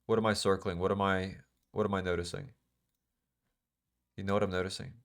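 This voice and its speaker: A man's voice: deep voice, flat delivery, brisk, gravelly. A man teaching a live trading class in a casual, emphatic way, repeating phrases and asking the class questions. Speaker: trading instructor.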